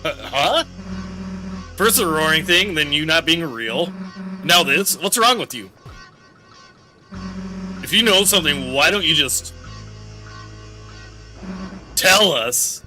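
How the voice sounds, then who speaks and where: Man voicing a brash young monster girl, confrontational and blunt, bright and hard-edged, read aloud on a game stream. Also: mid-range voice, animated, moderate pace, long pauses, faint music behind. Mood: angry. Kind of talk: reading game dialogue aloud.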